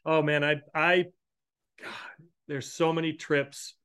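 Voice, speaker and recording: Emphatic male host, slightly high voice. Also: little pitch movement, takes it slowly, fairly bright tone, slight background noise. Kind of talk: casual conversation.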